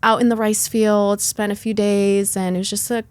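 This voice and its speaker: A woman in her thirties telling her story as a podcast guest, with an animated manner, frequent laughter and acted-out inner thoughts. Her voice sits at a middle pitch for a woman. The recording is close and dry, with no room sound. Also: normal speed, smooth, dry recording. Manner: animated, laughs often, acts out her own past thoughts. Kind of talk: casual conversational storytelling.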